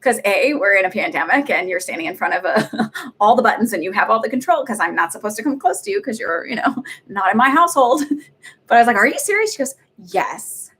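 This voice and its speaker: A woman's voice: mid-range voice, animated, fast, fairly bright tone, husky. A middle-aged woman hosting a psychic reading livestream, chatting casually and rambling with lots of fillers and laughs. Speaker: psychic medium livestream host.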